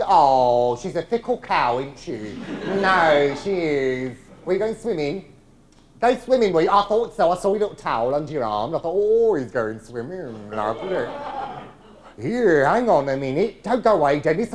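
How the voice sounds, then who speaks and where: A man with a slightly high voice, lightly acted, plays a camp, gossipy lad in a one-man stage monologue. Chatty and teasing, he swoops through emphatic lines before a live audience in a large theatre, and the recording catches their laughter.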